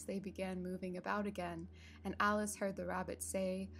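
A woman narrating a storybook in a calm, measured way, over soft music. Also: mid-range voice, vocal fry, slight background noise. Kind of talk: storybook reading.

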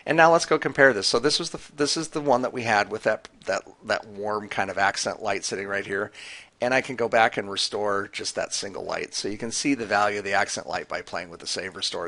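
Male tutorial presenter: lowish gravelly voice, bright tone, relaxed screen-recording walkthrough. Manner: casual, talks through clicks with fillers.

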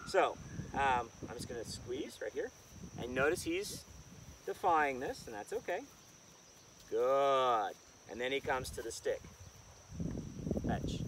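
Man training a dog outdoors. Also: fairly high pitch. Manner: calm explaining, sharp short commands to the dog. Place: outdoors in the countryside. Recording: distant mic with outdoor noise.

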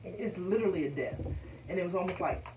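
A woman's voice: on the low side, quick pace, dark tone. A woman in her forties speaking candidly as an interview guest, emotional and confessional, often repeating words. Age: 40s. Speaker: podcast guest. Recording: echoey room, distant mic, faint noise.

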